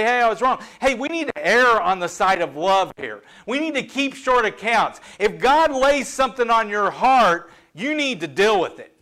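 A middle-aged man delivers a sermon in a conversational, confessional way. His voice sits notably high for a man, and he rises and falls sharply in pitch and loudness as he admits his own faults to the congregation. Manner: candid, self-deprecating, conversational preaching with lively swings in pitch and volume. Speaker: pastor.

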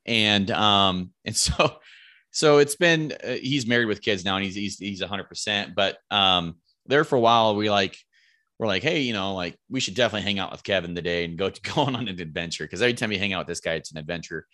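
A man's voice: lowish voice, fairly quick, sharp tone, dry recording, clean studio sound. A man, likely in his thirties, casually telling a rambling, profane hunting story and raising his voice to quote his friends.

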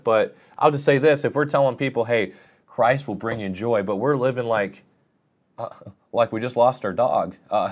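A man preaching in an earnest, plain way, with a voice of middle pitch. He slips in self-deprecating asides and often lifts his voice to stress a point. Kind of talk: sermon.

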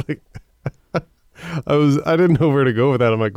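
A man's voice: mid-range voice, normal speed, darkish tone, clear, resonant tone, no room sound. A man co-hosting a casual film review podcast, talking in a chatty way with frequent stammering restarts. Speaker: podcast co-host.

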